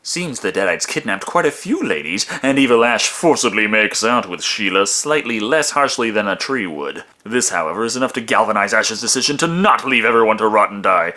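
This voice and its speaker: A man narrates a comedic movie review. He is sarcastic and profane, and his pitch leaps around a lot. His voice sounds bright and forward. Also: expressive, a little fast, hardly any pauses.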